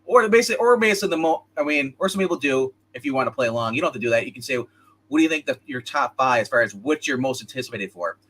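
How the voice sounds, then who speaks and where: Male streamer, rambling and opinionated, lively swooping delivery, bright edge. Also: mid-range voice, quick pace. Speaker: comic book livestream co-host. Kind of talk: casual live-stream chat.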